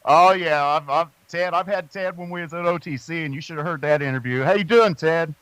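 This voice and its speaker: A man's voice: a little high, a little fast, a bit bright, clear, resonant tone, no echo, poor audio. A man hosting a motorsports radio show in a loose, joking, chatty way. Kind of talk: casual radio chat.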